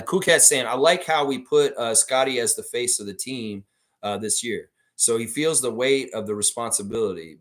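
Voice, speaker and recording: A man's voice: mid-range voice, a bit bright. Rambling, opinionated male stream host. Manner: rambling, opinionated, reads chat comments aloud. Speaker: live-stream host reading chat. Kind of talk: casual live-stream chat.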